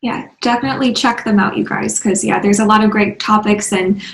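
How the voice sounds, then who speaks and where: A woman hosting a podcast interview, chatty and encouraging, with soft filler words between her questions. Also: medium pitch, brisk, vocal fry, roomy sound, low-quality recording. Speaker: podcast host. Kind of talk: casual interview talk.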